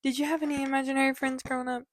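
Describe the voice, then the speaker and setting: A woman's voice: sits high, little pitch movement, rapid-fire. A woman co-hosting a casual podcast who mostly listens and answers with short replies. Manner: supportive listener, short back-channel replies. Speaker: podcast co-host.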